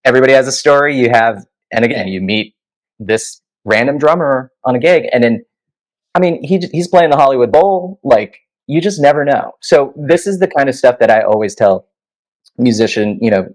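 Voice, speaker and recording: In a casual interview, a musician in his thirties spins animated stories, full of "like" and "you know." He speaks at a normal speed in a mid-range voice, and the recording is low quality.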